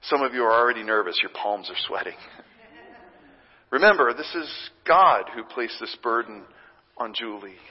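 A pastor preaching a sermon, telling a story in a lively, conversational way from the pulpit. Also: male voice, mid-range voice, normal speed, husky. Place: church sanctuary. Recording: long church reverb, muffled sound.

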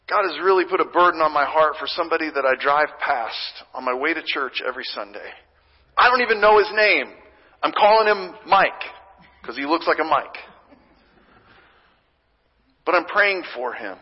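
A man preaches in a large church and tells a story in a lively, conversational way. His voice sits a little high. The sound is muffled and carries a long reverb from the sanctuary. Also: husky. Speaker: pastor. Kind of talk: sermon.

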